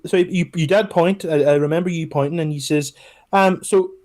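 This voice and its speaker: His voice is a little high and moves at normal speed. This young podcast co-host tells stories in a casual, animated way, performing the quotes of the people involved.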